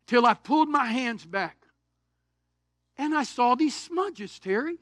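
A man, preaching a sermon in a church, animated storytelling that swings from shouts to quiet asides. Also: extremely high pitch, no room sound, clean studio sound. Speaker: pastor. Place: church sanctuary.

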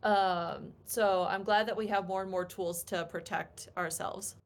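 Chatty and casual, this young woman, a cosplayer being interviewed, fills her answers with "like" and "um." She has a mid-range voice with fairly even intonation and an unhurried pace.

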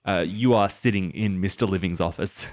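Deep-voiced man running a tabletop game. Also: moderate pace. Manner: relaxed, hesitant with fillers. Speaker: game master.

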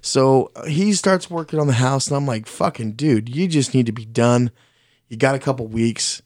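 A blunt, foul-mouthed man spins a personal story in a loose, conversational way, stumbling and restarting as he goes. His voice sits at an ordinary mid pitch. The sound is close and dry, with no room around it. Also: normal speed, a little mellow, no echo. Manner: blunt, profane, self-deprecating, restarts often; speaks his mind plainly. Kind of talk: casual spoken storytelling.

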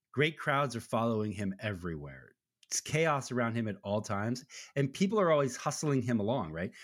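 Earnest man talking faith. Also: medium pitch. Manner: earnest, conversational, often adds "right?". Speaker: podcast co-host. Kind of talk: casual faith discussion.

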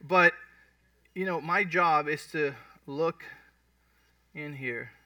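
Man, pastor, sermon, high bright voice, heard dry from a distance. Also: takes it slowly, no echo. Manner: conversational, checks in with the congregation. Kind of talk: sermon teaching.

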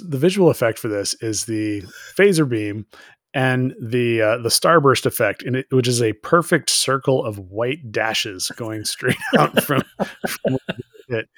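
Male podcast co-host, animated riffing, wide pitch swings, dry close recording. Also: unhurried, no room sound. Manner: animated, sarcastic asides, mock quotes. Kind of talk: casual recap chat.

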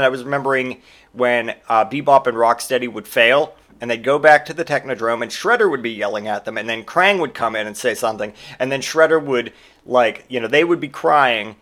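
A man's voice: mid-range voice, fairly bright tone. A man in his forties hosting a podcast, delivering a sarcastic, profane comedic rant in casual monologue. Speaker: podcast host.

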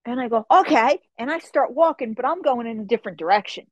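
A young woman telling a story in an animated way, acting out the people in it and swearing casually. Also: fairly high pitch, fast talker, no echo. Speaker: guest.

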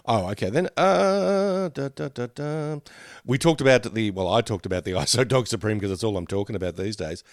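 A man's voice: mid-range voice, fairly quick, dry recording, clean studio sound. A man co-hosting a casual podcast, laughing often and poking fun at himself. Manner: laughs often, lively, self-deprecating. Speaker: podcast co-host.

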